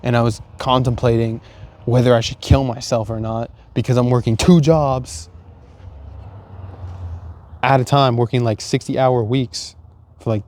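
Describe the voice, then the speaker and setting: A young man casually telling a heartbreak story, cursing a lot and acting out his own inner dialogue, joking even while sad. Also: medium pitch. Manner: laughs and jokes while sad. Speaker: vlogger.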